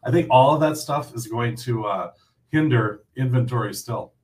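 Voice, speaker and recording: A man's voice: mid-range voice, moderate pace, darkish tone, recorded from a distance. A man hosting a casual chat, easygoing and thinking aloud between questions. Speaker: host.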